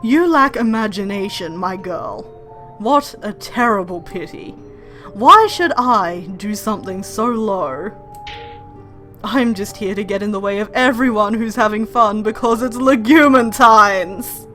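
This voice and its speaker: A woman voicing a vain, theatrical male bird villain from a game, speaking in grandiose, drawn-out phrases. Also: mid-range voice, animated, bright, forceful tone, soft background music. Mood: smug. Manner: pompous, grandiose, drawn-out speech.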